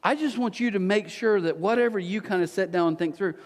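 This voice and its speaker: A pastor with a high voice preaches a sermon at a brisk clip, the sound carrying like a big room. In a church auditorium, he tells stories with animated energy and playful asides.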